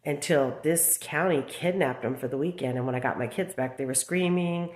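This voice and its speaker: Low-voiced lady ranting on her vlog, agitated and rambly, kinda echoey. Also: moderate pace, a little mellow. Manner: agitated, rambling storytelling full of fillers. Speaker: mother speaking out about her children. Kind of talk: casual vlog rant. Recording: roomy echo.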